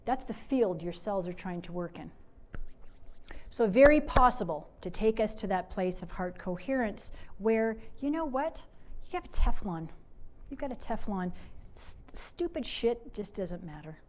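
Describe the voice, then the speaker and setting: A middle-aged woman from Canada giving a motivational talk, telling stories with animated swings from loud to soft. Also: medium pitch, a little slow. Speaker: speaker.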